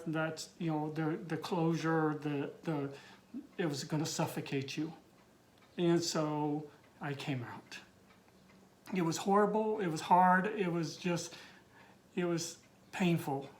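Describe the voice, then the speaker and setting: Teary middle-aged guy telling his coming-out story, slow and halting, lots of ums and restarts. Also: a little high, a little hiss or hum. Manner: halting, with many fillers and restarts.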